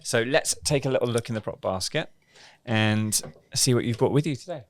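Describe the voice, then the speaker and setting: A man's voice: mid-range voice, fairly quick, dry recording. Easygoing male podcast host, dry close sound. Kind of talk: casual interview chat.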